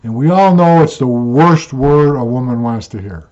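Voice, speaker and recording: A man's voice: medium pitch, animated, normal speed, warm tone. A man hosting his own rant channel, telling stories in a blunt, repetitive, plain-spoken way. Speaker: channel host. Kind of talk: ranting vlog storytelling. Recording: dull lo-fi sound.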